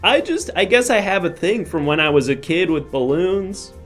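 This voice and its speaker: Man playing a corporate hiring manager, rambling, chatty, self-interrupting, slightly high voice, faint music behind. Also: animated, moderate pace, a bit bright. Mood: emotional. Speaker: comedy character host. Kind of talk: improvised live comedy.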